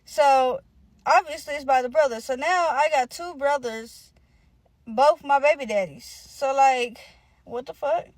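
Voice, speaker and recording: A woman's voice: high-pitched, unhurried, dry recording, rough recording. A young adult woman telling a casual storytime, rambling, slangy and profane, often calling out to her listeners.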